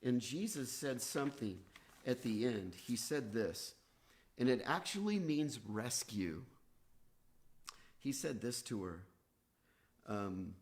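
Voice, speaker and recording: A man's voice: mid-range voice, animated, takes it slowly, pauses often. A man preaching a sermon as pastor, earnest, with rising and falling emphasis. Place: church, livestreamed.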